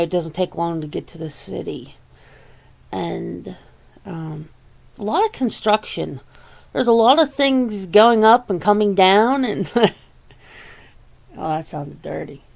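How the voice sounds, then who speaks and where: Woman, gravelly fry in her voice, casual soft-spoken ASMR chat, rambling, swears lightly, close mic. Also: on the low side. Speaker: ASMR channel host.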